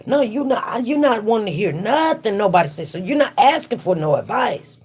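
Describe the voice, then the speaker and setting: A woman's husky, slightly mellow voice swings widely in pitch around a medium level as she talks briskly. Hosting a casual livestream, she works and muses about faith, repeating herself with emphasis.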